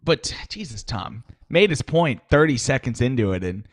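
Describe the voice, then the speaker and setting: A man's voice: mid-range voice, sing-song, normal speed, no echo, studio quality. A man co-hosting a radio show, chatting with wry, profane humor. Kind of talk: casual chat.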